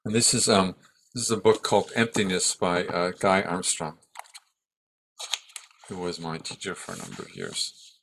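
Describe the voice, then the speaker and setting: A man in his seventies giving a reflective talk on the self, thoughtful and halting, often restarting his sentences. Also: deep voice, animated, vocal fry, noisy background. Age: 70s.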